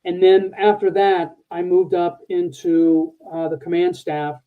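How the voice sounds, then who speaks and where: An older man, a retired military officer, telling a rambling, halting story as a podcast guest. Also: high-pitched, flat delivery. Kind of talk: conversational war story. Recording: tinny phone-like line.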